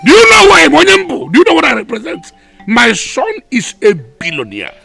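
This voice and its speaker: A man's voice: extremely high pitch, wildly swooping pitch, brisk, gravelly, music in the background, full character voice. A man playing a fiery boastful Nigerian chief. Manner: shouting, insulting, mixing in Igbo. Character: boastful older village chief, hot-tempered. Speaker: chief in council.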